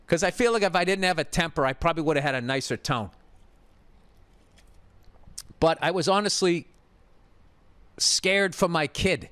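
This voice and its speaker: Man, middle-aged, Boston accent, swearing storytelling rant, slightly high voice, dry close sound. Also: no room sound. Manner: profane, ranting, animated retelling with acted quotes. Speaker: podcast host. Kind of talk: casual storytelling monologue.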